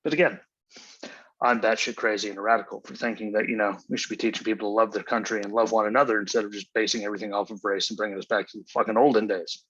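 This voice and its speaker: A man's voice: lowish voice, steady tone, quick pace, a bit bright, breathy edge, no echo, highs cut off. A man hosting his own show, delivering an angry, profane, exasperated solo rant. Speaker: podcast host.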